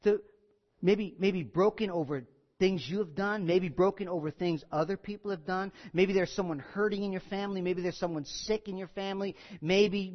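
A man preaching a sermon as pastor, emphatic and repetitive, putting questions to his listeners and moving between hushed and loud delivery. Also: sits high, dull audio. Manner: conversational, asks the congregation questions.

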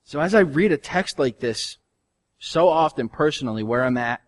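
A male pastor preaching a sermon in an earnest, conversational way, his voice swinging from soft to loud. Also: a little high, lively intonation, normal speed.

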